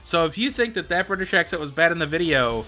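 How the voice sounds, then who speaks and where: A young man streaming a game, reading out viewer comments and answering them in a chatty, animated way. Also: a little high. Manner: chatty, animated, answers chat with quick excited reactions. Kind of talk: casual livestream chat reading viewer comments. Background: faint background music.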